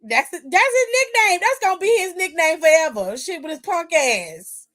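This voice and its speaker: A woman hosting a casual wrestling aftershow, animated and profane, talking loudly and laughing often. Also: very high voice, normal speed. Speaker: host.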